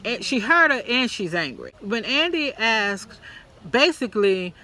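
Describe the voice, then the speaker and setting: Sassy guy ranting about reality tv, high bright voice. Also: measured pace. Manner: sassy, animated, acts out quotes in a mocking voice. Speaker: reality TV commentator. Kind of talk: casual opinion vlog.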